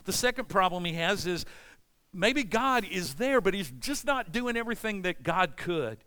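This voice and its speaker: Male pastor, middle-aged, preaching, clear and smooth voice, high and bright tone, anguished prayerful outbursts. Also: normal speed. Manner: animated preaching, voicing anguished prayers to God. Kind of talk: sermon.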